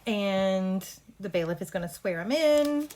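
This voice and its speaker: A woman coaching an actor through a play rehearsal in a brisk, instructive way, talking through cues and line readings. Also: mid-range voice, animated, darkish tone, slight background noise. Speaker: drama coach.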